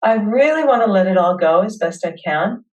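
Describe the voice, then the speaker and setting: A woman hosting a webinar, leading listeners through a guided tapping session with slow, soothing affirmations. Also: mid-range voice, expressive, far from the mic, low-quality recording.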